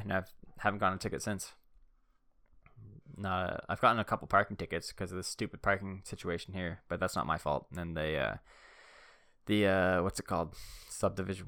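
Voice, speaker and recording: A young podcast host, seated indoors on a swivel chair, tells rambling, self-deprecating stories sprinkled with jokes in a casual storytelling style. His low, gravelly voice is brisk and steady in tone, pushed and bright. The recording is studio quality, with no room sound.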